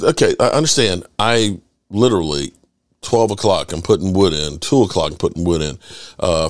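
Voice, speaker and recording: Lowish guy rambling about football, tells stories all animated, dry close sound. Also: dry recording. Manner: animated storyteller, swears freely. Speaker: sports channel host. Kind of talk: casual rambling fan chat.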